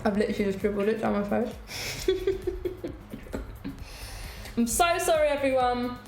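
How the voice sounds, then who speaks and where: A woman's voice: fairly high pitch, normal speed, gravelly. Chatty British woman, echoey kitchen. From United Kingdom. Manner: chatty and animated, laughs often, talks while eating. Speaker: cooking streamer. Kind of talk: casual live-stream chat, reading viewer comments. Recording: echoey room with faint music behind.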